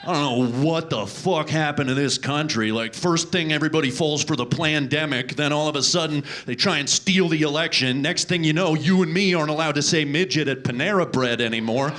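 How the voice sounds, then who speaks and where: A man's voice: a little high, fairly quick, hardly any pauses, a bit bright, natural voice. A man voicing a crude, conspiracy-minded male rideshare passenger who rants profanely and chummily, performed on a comedy club stage. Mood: ranting. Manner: profane, buddy-buddy ranting. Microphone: handheld stage microphone.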